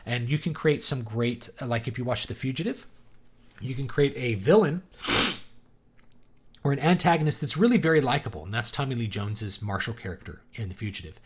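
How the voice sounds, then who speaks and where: A man's voice: medium pitch, expressive, a little fast, breathy edge. A man from East Texas, an author hosting a casual livestream, chatting enthusiastically and answering viewer questions in loose rambling asides. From East Texas, USA.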